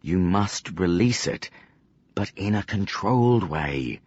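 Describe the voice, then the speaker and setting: A man voicing a stern older male magician who acts as a calm mentor, speaking in a slow, measured, commanding way. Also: low-pitched, husky, no echo, dull audio, heavily acted. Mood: instructive.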